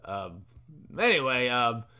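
A man's voice: mid-range voice, big pitch swings, takes it slowly, bright, forceful tone, smooth. A man hosting a talk show, rambling sarcastically with many fillers while reading from an article. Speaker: podcast host. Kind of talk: sarcastic solo commentary. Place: at his computer reading an article.

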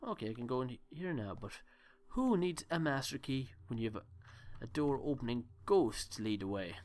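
A man's voice: medium pitch, expressive, normal speed, a little mellow. A man giving joking, rambling commentary while playing a horror game, talking to himself. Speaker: let's play gamer. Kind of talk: gameplay commentary.

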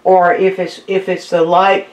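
A woman's voice: lowish voice, little pitch movement, darkish tone, distant mic. Woman art teacher in an echoey room. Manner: unhurried, explaining step by step while mixing paint. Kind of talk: live painting demonstration.

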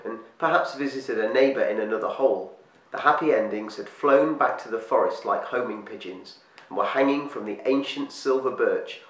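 A man reading a storybook aloud as storyteller, slowing and hushing his voice for eerie moments. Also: mid-range voice. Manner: slows and hushes for eerie moments. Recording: echoey room, distant mic, faint hiss.

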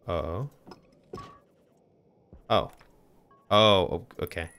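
A young man running frantic solo commentary on a game, talking to himself and repeating words fast. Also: lowish voice, sing-song, fairly bright tone, soft background music. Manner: panicky, talks to himself, repeats words rapidly. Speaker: gaming channel host.

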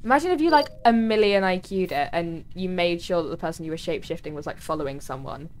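Chatty woman streamer, slightly low voice. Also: expressive, fast, a little hiss or hum. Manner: chatty, talks to chat, voice jumps high when touched. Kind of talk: casual gaming livestream chat.

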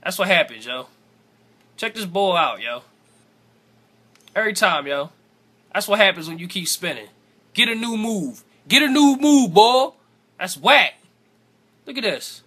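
A man's voice: high-pitched, sing-song, measured pace, long pauses, pushed and bright, breathy edge. A young man giving hyped, trash-talking commentary on his own basketball video game match, repeating his taunts. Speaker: gaming YouTuber. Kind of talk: live gameplay commentary.

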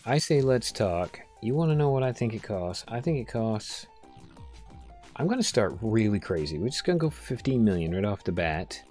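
Lively joking gameplay host, a man. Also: lowish voice, normal speed, faint music behind. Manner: joking, talks to himself and reads customers' lines aloud. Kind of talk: casual gameplay commentary. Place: home room during a rainstorm.

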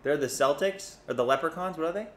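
A man's voice: fairly high pitch, fast talker, a bit bright. A man co-hosting a casual beer review livestream, joking and rambling off topic. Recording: roomy room with faint noise.

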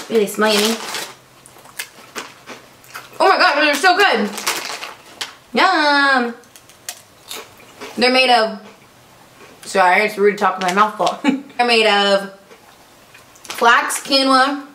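A young woman vlogger chats through an unboxing video, upbeat and full of ums. Her voice is a little high and a bit bright, recorded in an echoey room with faint noise.

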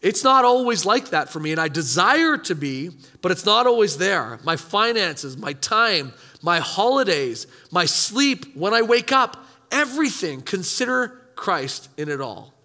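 A man with a high, bright voice preaches a sermon to his congregation, casual in tone but emphatic. He keeps turning to the room with rhetorical questions. The sound has the long, ringing reverb of a church hall. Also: big pitch swings, a little slow, hardly any pauses. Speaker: pastor.

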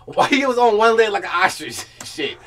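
A young man reacting to a video on a stream, talking casually with slang and swearing, loud and excitable. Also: high-pitched, moderate pace.

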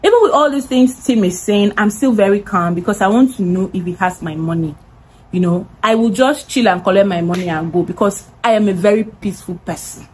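A woman's voice: mid-range voice, brisk, a little mellow, soft background music, poor audio. A young woman with a Nigerian accent telling a dramatic story-time vlog, full of repetition for emphasis. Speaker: vlogger.

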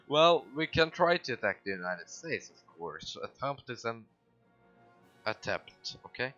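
A bright-voiced man chattering through a strategy game stream, excitable and quick to swear. The sound is dry and a little dull, with faint game music behind him. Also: medium pitch, no echo. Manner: excitable, swears, sudden loud outbursts. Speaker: gaming livestreamer. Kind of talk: casual gameplay commentary.

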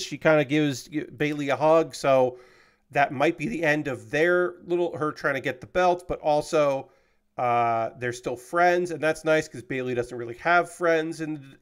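A man's voice: on the high side, clean tone. A young man streaming as he builds a model kit, chatting casually and rambling with frequent fillers and casual swearing. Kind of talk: casual chat.

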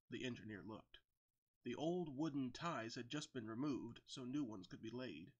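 A man narrating a children's storybook tale in an even, steady manner. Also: medium pitch, moderate pace, slightly rough, highs cut off. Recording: with background music.

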